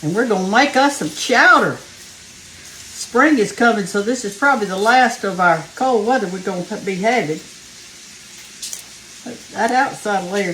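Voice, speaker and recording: A Southern-accented woman hosts a relaxed cooking demonstration in her home kitchen and talks to viewers like old friends. She sounds a touch out of breath, and her voice sits at an ordinary middle pitch. Faint frying sizzles in the background. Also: slight background noise, low-quality recording. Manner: folksy and chatty, talks straight to viewers as "y'all". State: a little out of breath. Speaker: cooking show host.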